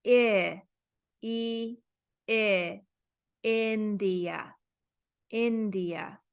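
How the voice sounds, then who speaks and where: A woman teaches English phonics at an exceptionally slow, deliberate pace. She repeats each sound several times and patiently explains where the tongue and lips go, in a voice of ordinary pitch for a woman. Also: sharp tone. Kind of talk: phonics lesson.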